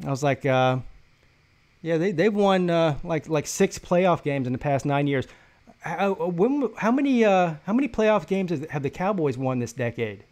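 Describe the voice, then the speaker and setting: A man's voice: a little high, animated, moderate pace, a little mellow. A man hosting a casual sports talk stream, telling a story in a profane, mocking way.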